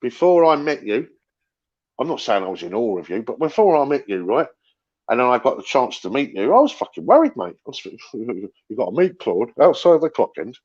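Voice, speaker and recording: A man's voice: medium pitch, sing-song, a little fast, a little mellow, dull audio. A middle-aged man, rambling and swearing as he chats about football on a fan livestream. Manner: rambling, repeats himself, swears. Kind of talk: casual livestream chat.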